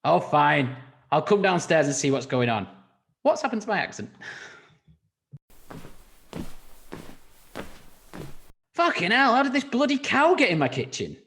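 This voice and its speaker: A man voicing a gruff, crude male farmer with a put-on rural accent in an improvised comedy scene. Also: a little high, big pitch swings, normal speed, a little hiss or hum. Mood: irritated. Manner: blunt, sweary, offhand.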